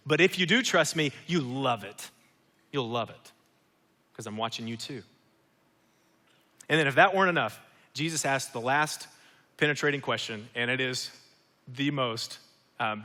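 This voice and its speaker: Forceful preacher man in an echoing hall. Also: mid-range voice. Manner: emphatic, rhetorical questions and repetition. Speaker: pastor. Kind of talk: sermon. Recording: long hall reverb.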